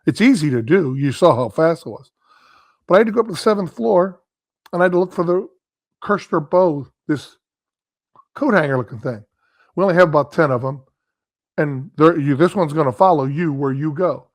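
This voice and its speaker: A man voicing a cheerful, reassuring young male resident doctor in a spoken anecdote, with upbeat, hurried delivery. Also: fairly high pitch, animated, no room sound, clean studio sound. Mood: explaining.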